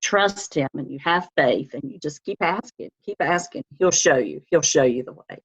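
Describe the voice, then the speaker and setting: A middle-aged mother, a guest on her daughter's podcast, speaking gently and earnestly about faith. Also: deep voice, expressive, normal speed, slightly rough, rough recording. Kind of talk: casual interview.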